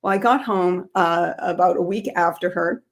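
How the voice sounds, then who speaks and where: A woman telling a lively personal story for a streamed storytelling show. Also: fairly low pitch, normal speed. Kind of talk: personal story told live. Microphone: streamed from home.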